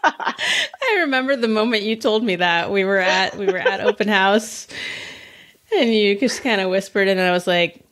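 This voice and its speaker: A woman's voice: medium pitch, lively intonation, moderate pace, fairly bright tone. A woman hosting a casual interview chat, guiding the talk with easy laughter. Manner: friendly, laughs easily, guides the conversation. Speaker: host and business coach.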